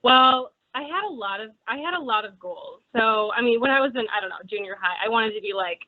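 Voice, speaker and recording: A woman's voice: on the high side, animated, fairly quick. A woman in her twenties from Wisconsin with an Upper Midwest accent, chatting as an interview guest with lots of fillers. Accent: Upper Midwest American. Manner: chatty, many fillers like "um" and "you know". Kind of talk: casual interview chat. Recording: tinny phone-like line.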